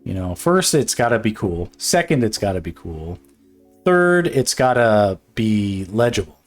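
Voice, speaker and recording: A man streams himself doing illustration work, chatting casually and rambling while he draws, often swearing, laughing, and filling his speech with restarts and fillers. His lowish voice swings widely in pitch, and he talks a little slowly. Faint music plays behind him.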